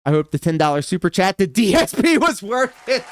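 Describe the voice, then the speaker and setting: A man hosting a livestream reaction show, commenting casually with sarcasm and sudden animated outbursts. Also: sits high, background noise. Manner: animated, sarcastic, bursts into shouts and laughter.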